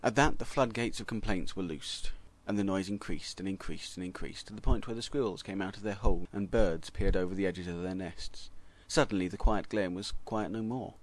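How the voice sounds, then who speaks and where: A man narrating a comic story with wry, deadpan asides. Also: low voice, fairly quick, few pauses, low-quality recording.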